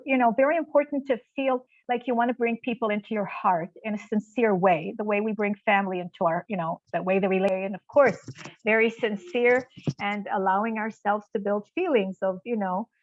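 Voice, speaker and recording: A woman's voice: fairly high pitch, dry recording. A woman teaches caregivers over a video call, speaking in an earnest, encouraging way and leaning on "you know" as she thinks aloud. The audio sounds dry and dull, with muffled lo-fi tone. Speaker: trainer leading an online caregiver course. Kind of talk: live online workshop talk.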